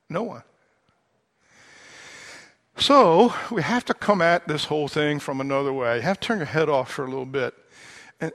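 A man's voice: a little high, vocal fry, fairly bright tone. A man preaching a sermon as a pastor, conversational and wry, dropping humorous asides between serious points.

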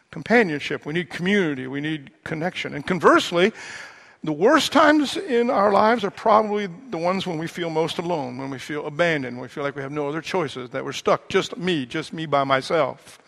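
A pastor delivering a sermon in a relaxed, conversational way, slipping wry humorous asides in among the serious points. His voice sits a touch high for a man, with a gravelly, fry-laced texture running through it.

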